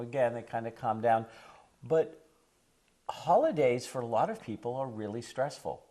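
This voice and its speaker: A man talking on a radio talk show at a mid-range pitch. He rambles casually with plenty of fillers. When he starts lecturing, he turns insistent and preachy. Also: a little mellow.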